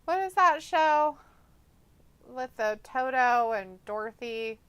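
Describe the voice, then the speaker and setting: A woman's voice: high voice, lively intonation, takes it slowly, a bit bright, clean tone, dry recording. A woman hosting a casual live watch-along stream, reading chat aloud, blunt and profane, chatting to her cat between remarks.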